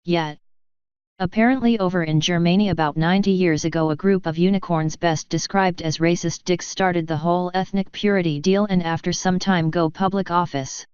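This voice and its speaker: A woman's voice: on the low side, steady tone, normal speed, a little mellow, smooth, no room sound, close to an everyday voice. A woman voicing a blunt, growling human war veteran in a dull lo-fi recording. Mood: gruff.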